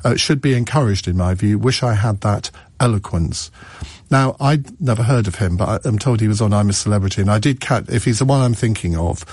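A man's voice: on the low side, fairly quick, darkish tone, breathy edge, no room sound. A man hosting a radio phone-in, musing aloud and chatting with callers, often restarting his sentences. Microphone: studio microphone.

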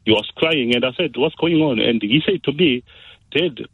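A man's voice: mid-range voice, a little fast, slightly rough, dry recording. Nervous man on a muffled phone line. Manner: hesitant, nervous, many fillers and restarts. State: shaky and upset. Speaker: caller. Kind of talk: phone-in call. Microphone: phone call.

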